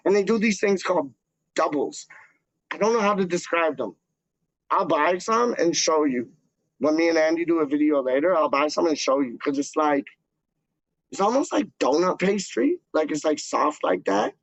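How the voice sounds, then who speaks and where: A man's voice: fairly high pitch, animated, moderate pace, no echo. A man chatting casually to camera as a fan channel host, rambling and slangy with lots of fillers. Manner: slangy, loose, full of "like" and "dog" fillers. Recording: dull lo-fi dry sound.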